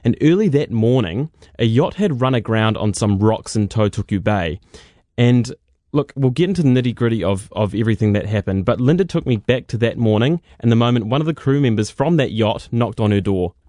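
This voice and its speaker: A man, a radio producer presenting a feature segment in a relaxed, conversational storytelling manner. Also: medium pitch, a little fast, dry recording, clean studio sound.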